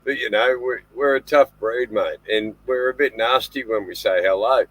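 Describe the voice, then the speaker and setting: A man's voice: mid-range voice, moderate pace, fairly bright tone, rough recording. A man from Australia with an Australian accent, calling into a show and chatting casually with laid-back jokes and swearing. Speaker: caller. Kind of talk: casual chat.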